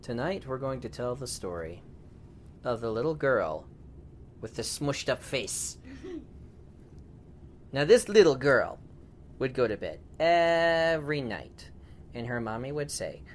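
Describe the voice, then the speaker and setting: A father telling a playful bedtime story to his daughter, laughing often and shouting the robbers' lines. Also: mid-range voice, big pitch swings, slow, long pauses, a little hiss or hum. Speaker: storyteller dad.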